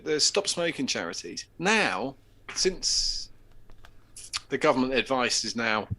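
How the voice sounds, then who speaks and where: A man's voice: mid-range voice, pushed and bright. A man from England hosting a casual chat, reading the news aloud and rambling with a lot of swearing and laughter. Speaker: host.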